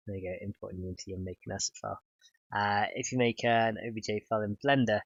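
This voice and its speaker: Stuffy-nosed male streamer, low, bright tone, rambling casual chat, dry lo-fi mic. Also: no echo. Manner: rambling, thinks aloud with chuckles. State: stuffed-up nose. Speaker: livestreamer and game modder.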